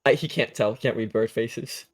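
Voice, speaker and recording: A man playing a tabletop role-playing game, playful and quick to laugh. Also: medium pitch. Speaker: player. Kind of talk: tabletop role-play chat.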